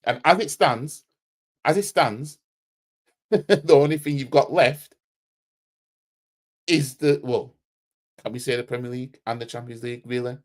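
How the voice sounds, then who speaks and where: A man's voice: medium pitch, a little slow, pauses often. A man hosting a football fan channel, giving a heated, blunt match reaction full of slang and repeating himself for emphasis.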